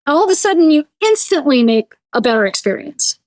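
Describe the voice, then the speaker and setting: A woman's voice: sits high, big pitch swings, fairly quick, a little mellow, no echo. A woman guest on a business interview, talking bluntly and animatedly, acting out the voices of the people she quotes. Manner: blunt, joking. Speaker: guest brand consultant. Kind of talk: casual interview talk.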